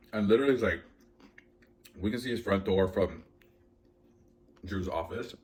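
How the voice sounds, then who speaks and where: A man's voice: on the low side, a little slow, darkish tone. A man vlogging at home, telling a long story in a casual, rambling way with lots of fillers. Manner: rambling, filler-heavy, anxious retelling. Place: at home, indoors.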